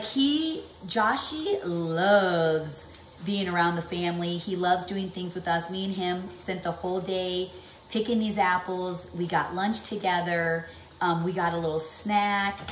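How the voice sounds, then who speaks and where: A woman in her forties chatting at length in a home kitchen vlog, rambling and animated with plenty of fillers while she works. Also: on the low side. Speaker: vlogger. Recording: echoey room, faint household noise.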